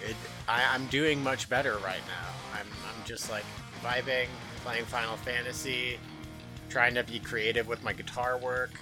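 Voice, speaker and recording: A man's voice: mid-range voice, fairly even intonation, a little slow, music in the background. A man co-hosting a podcast in casual chat, laughing and swearing often, with many restarts. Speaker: podcast co-host.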